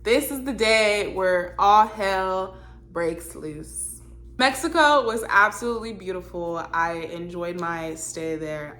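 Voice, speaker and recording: A woman telling a storytime vlog in a blunt, animated, exasperated way. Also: on the low side. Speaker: vlogger.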